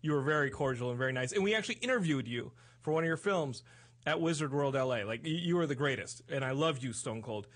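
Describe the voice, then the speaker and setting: A man's voice: medium pitch, lively intonation, fast, a bit bright. A man hosting a podcast in casual comedic chat, talking in a pleading, stammering, overly polite way. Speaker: podcast host. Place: studio in Los Angeles.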